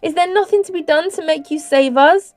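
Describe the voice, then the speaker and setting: A woman voicing a desperate young nurse in an audiobook, pleading urgently in a raised, higher voice. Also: a little fast, close to an everyday voice. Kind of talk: audiobook character voice.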